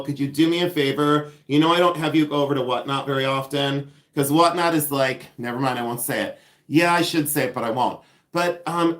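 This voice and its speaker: Sassy chatty man hosting a livestream. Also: on the high side. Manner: sassy, chatty, self-mocking humor. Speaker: live-stream jewelry reseller host. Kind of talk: casual livestream chat.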